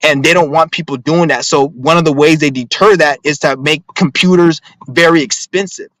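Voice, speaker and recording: A man's voice: fairly high pitch, moderate pace, a bit bright, no room sound, poor audio. A man ranting to his viewers in a profane, rambling, emphatic monologue, reading out their comments now and then. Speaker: vlogger.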